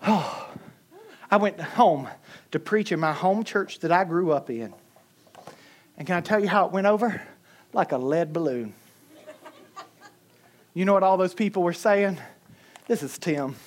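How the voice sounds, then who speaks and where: A man preaching a sermon, telling a story with humor and quick chuckles. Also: sits high, lively intonation. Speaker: pastor.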